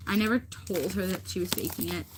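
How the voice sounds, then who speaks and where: A woman's voice: fairly low pitch, fast talker. A teenage girl livestreaming, chatting casually and rambling with lots of fillers. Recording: noisy stream audio.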